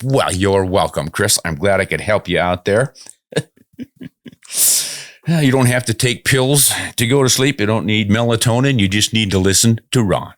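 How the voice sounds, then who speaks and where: A man's voice: lowish voice, moderate pace, no room sound, clean studio sound. An older man hosting a podcast, answering viewer comments in a casual, good-humored, self-deprecating way. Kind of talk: casual chat.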